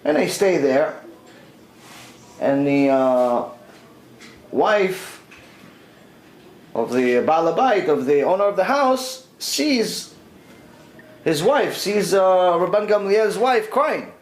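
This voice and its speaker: Animated rabbi telling a story. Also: male voice, sits high, takes it slowly, long pauses. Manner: animated, conversational retelling with voiced quotes. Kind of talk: storytelling lesson. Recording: echoey room.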